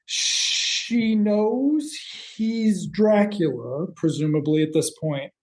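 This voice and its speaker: A man co-hosting a podcast, casually recapping a TV episode in rambling, quick asides with the odd swear word. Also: high-pitched. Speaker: podcast co-host.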